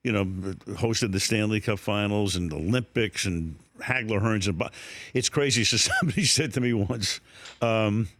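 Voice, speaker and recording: A man's voice: fairly low pitch, moderate pace, fairly bright tone, no echo. An older man, a sports broadcaster being interviewed, telling anecdotes with laughter and rising quoted voices on a studio mic. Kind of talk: storytelling interview.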